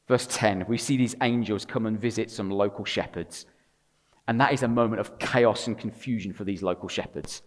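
A male preacher delivers his sermon in a church, his medium-pitched voice trailing a long reverb through the large room. He moves from loud, emphatic declarations to hushed, intimate storytelling, with the occasional wry aside to the congregation. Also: normal speed. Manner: swings between loud emphatic passages and quiet intimate storytelling.

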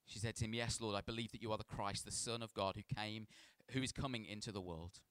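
A male pastor with a lower voice that sounds smooth and resonant, reading scripture and preaching. He talks in an easy, conversational way, telling stories at his own expense and tripping over words now and then. The sound is close and dry, with no room echo. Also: steady tone, fast talker, fairly bright tone. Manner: conversational, self-deprecating storytelling with stumbles.

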